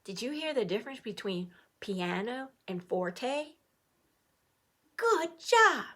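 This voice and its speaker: A middle-aged woman teaching an online music lesson to children, playful and animated, cheering the class on. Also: on the high side, takes it slowly.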